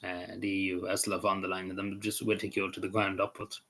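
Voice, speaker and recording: An Irish vlogger rambles through casual commentary in a slightly low voice with a bright, forceful tone, talking fast with a flat delivery. He wanders between thoughts, swears casually, and fills gaps with lots of ums and you-knows.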